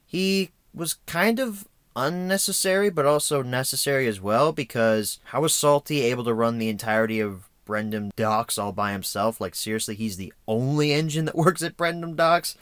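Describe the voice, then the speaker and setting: A young American man talks through a review off the cuff, rambling and joking at his own expense. His pitch swings up and down a lot, and the recording is dry and close with no room sound. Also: lively intonation, moderate pace, hardly any pauses, a bit bright, smooth, no echo. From United States. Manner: rambling, self-mocking, sarcastic asides. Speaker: home video reviewer. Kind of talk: unscripted casual review.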